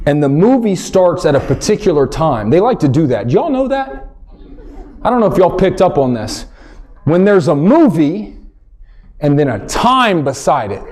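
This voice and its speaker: Stand-up comic, US man, high voice with big swings, acts out scenes. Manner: animated storytelling, acts out characters, shouts punchlines. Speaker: stand-up comedian. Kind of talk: stand-up comedy.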